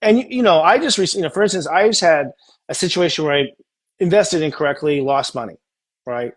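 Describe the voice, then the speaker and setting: A man hosting a casual spiritual coaching chat, animated and acting out tender inner dialogues. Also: a little high, fairly quick, slightly rough. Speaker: astrologer host.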